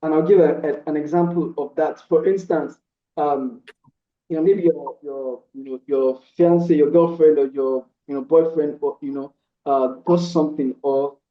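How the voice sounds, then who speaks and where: Earnest guy giving relationship advice, lots of "you know"s, kinda high voice, echoey room. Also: steady tone, normal speed. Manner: earnest, with many "you know" fillers and restarts. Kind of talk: casual advice talk. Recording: roomy, dull lo-fi sound.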